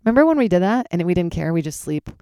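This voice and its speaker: Tired woman comic with vocal fry. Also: on the low side, very animated, fast talker, dark tone, no echo, clean studio sound. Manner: candid and loose, swears freely. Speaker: stand-up comedian and podcast host. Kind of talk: casual solo podcast chat. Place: closet.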